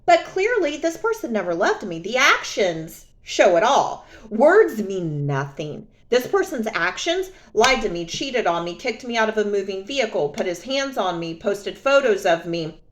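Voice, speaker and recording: A young adult woman telling a personal story in a casual vlog, sassy and animated, often mocking others. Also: mid-range voice, moderate pace, hardly any pauses. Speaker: vlogger.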